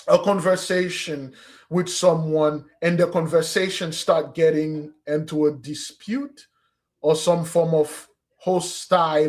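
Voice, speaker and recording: A man giving a spiritual teaching, speaking emphatically, calling his listeners "beloved" and slipping into street slang. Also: on the high side. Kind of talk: preaching address on a fasting day.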